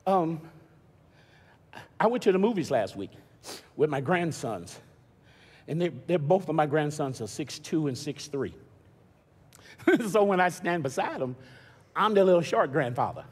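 An older man preaching a sermon as pastor, telling stories with stammered restarts and building to shouted preaching. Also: on the high side, very animated, unhurried, pauses often, husky. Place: church sanctuary. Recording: long church reverb.

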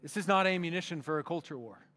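A male pastor delivers a sermon, his voice sitting a little high for a man. He reads slowly and meditatively and often sinks to a near hush. The recording carries a long hall reverb, with soft instrumental music faintly underneath. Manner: slow meditative reading that drops to a hushed voice. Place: church sanctuary.

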